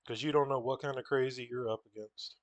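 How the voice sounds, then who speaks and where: A man's voice: medium pitch, fairly even intonation, fairly quick, no echo. A young man, rambling casually and swearing while he draws a comic page and tells stories. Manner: rambling, profane, says "bro" and "dude" a lot. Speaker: comic artist drawing on stream. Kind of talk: casual storytelling while drawing.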